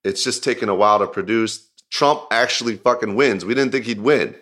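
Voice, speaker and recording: Low-voiced man telling a rambling story. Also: brisk. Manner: rambling, filler-heavy storytelling with frequent "like"; animated, laughing retelling. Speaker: music video director. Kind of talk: casual anecdote in an interview.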